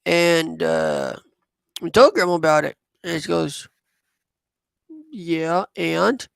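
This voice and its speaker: A man, telling a personal story in a rambling, halting way. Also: a little high, huge pitch swings, vocal fry, clean tone, no echo. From southwest Missouri. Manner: rambling, halting, with many fillers. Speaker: vlogger.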